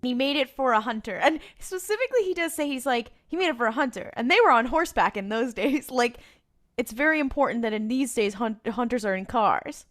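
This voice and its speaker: A woman with a fairly high voice co-hosts a casual podcast. She trades jokes and laughs, and she tosses in irreverent asides. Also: lively intonation, brisk, fairly bright tone. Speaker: podcast co-host. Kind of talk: casual chat.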